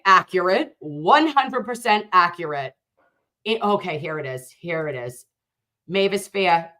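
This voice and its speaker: A woman's voice: on the low side, fairly bright tone. A woman hosting a livestream, reading viewer comments aloud and speaking fervently, with emphatic repeated phrases.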